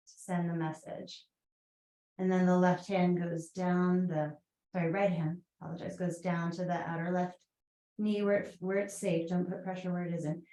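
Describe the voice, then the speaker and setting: A woman's voice: fairly low pitch, warm tone, roomy sound, rough recording. Chatty Boston-accented woman yoga teacher. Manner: chatty, rambling asides with fillers. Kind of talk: guided yoga class instruction.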